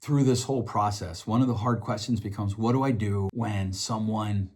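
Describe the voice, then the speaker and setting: A man's voice: on the low side, steady tone, moderate pace, darkish tone, slightly rough. A middle-aged man hosting a podcast, talking earnestly through relationship advice in a reflective monologue, often restarting and repeating himself. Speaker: podcast host.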